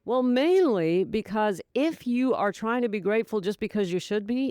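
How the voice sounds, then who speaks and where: A woman's voice: medium pitch, lively intonation, normal speed, mellow, clean tone, dry recording, clean studio sound. A woman hosting a solo sobriety podcast, talking in a chatty, encouraging way and laughing often. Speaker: podcast host and sobriety coach. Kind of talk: casual solo podcast talk.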